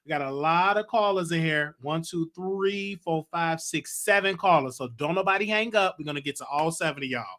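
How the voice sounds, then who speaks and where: A man's voice: on the high side, moderate pace, few pauses, fairly bright tone. A man hosting a live call-in show, casual and playful with callers. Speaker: host.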